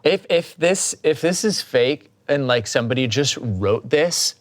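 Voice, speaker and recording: A man's voice: mid-range voice, lively intonation, measured pace, background noise. A man co-hosting, chiming in with jokes and mock disbelief as a story is read. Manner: joking reactions, laughs, mock disbelief. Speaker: co-host. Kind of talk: casual chat.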